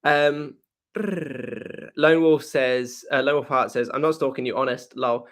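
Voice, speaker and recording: A man's voice: mid-range voice, steady tone, measured pace, fairly bright tone, clean tone. A man hosting a live question-and-answer stream in a casual, rambling way, often correcting himself and laughing.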